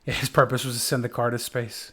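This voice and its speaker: A man's voice: mid-range voice, level tone, fast, fairly bright tone. A young man hosting a livestream, chatting casually in a rambling, playful way with lots of swearing. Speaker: livestream host.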